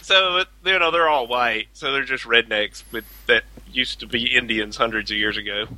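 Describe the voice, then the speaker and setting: Lively male guest storyteller, bright and punchy, fond of mimicking people. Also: mid-range voice, moderate pace, no room sound, rough recording. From Louisiana. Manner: animated, laughs often, acts out quotes. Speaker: guest, pharmacy worker. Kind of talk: casual podcast chat, storytelling.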